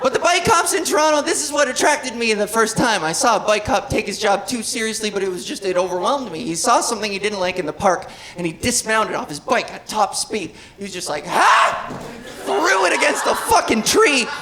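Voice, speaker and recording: A woman's voice: on the high side, lively intonation, a little fast, hardly any pauses. A woman in her thirties performing a stand-up comedy set on a club stage, telling rambling, playful stories. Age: 30s. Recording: noisy club with laughing crowd.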